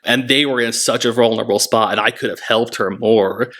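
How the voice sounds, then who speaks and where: A man who worked at a treatment center tells a story candidly, in a halting, reflective way with many restarts. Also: mid-range voice, fairly even intonation, fairly bright tone. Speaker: former treatment center staff member.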